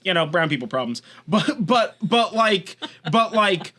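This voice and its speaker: A man's voice: high-pitched, very animated, measured pace, bright, forceful tone. A man with a Californian accent co-hosting a podcast, chatting casually in a rambling way, swearing now and then and laughing often. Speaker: podcast co-host. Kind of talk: casual chat.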